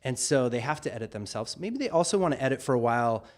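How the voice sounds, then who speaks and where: A man hosting a casual livestream, answering viewer questions and thinking aloud with frequent pauses. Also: medium pitch, animated. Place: studio in North Carolina.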